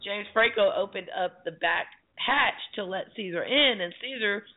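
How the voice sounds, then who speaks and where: A woman co-hosting a talk show, telling stories in a chatty, animated way. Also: mid-range voice, moderate pace. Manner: chatty storytelling, animated retellings. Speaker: radio talk show co-host. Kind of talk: casual chat. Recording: tinny phone-like line.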